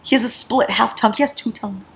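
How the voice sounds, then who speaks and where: A woman's voice: fairly high pitch, fast talker, creaky, a little hiss or hum. Giddy, sleep-deprived woman gushing. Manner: giddy, excitable, laughs often and swears. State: tired from staying up all night. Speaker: book vlogger. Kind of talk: casual reading vlog.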